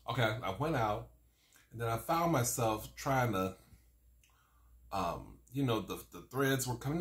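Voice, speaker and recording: A man in his forties, a mukbang vlogger, chats casually as he eats, rambling through an old story and now and then talking with his mouth full. His voice sits fairly low, and the sound is reverberant.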